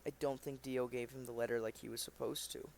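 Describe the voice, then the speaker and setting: A man's voice: mid-range voice, level tone, fast talker, gravelly, darkish tone, a little hiss or hum. A man hosting a comic reading, tossing in casual, joking, profane asides. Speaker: channel host reading a comic. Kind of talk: casual commentary between reading.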